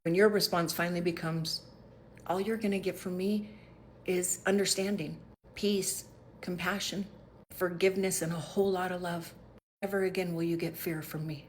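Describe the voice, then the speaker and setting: A woman sharing a casual faith talk straight to her viewers, affectionate and folksy, sometimes dropping to a soft whisper. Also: on the low side, level tone, moderate pace, a little hiss or hum. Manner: uses casual slang. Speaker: faith vlogger.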